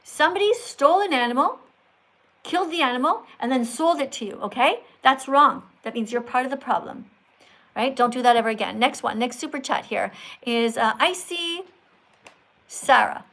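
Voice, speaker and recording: A woman's voice: high voice, expressive, normal speed, fairly bright tone. A woman livestreaming, answering viewer messages in a preachy, scolding way and repeating key phrases for emphasis. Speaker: vegan activist livestreamer. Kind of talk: livestream chat answering super chats.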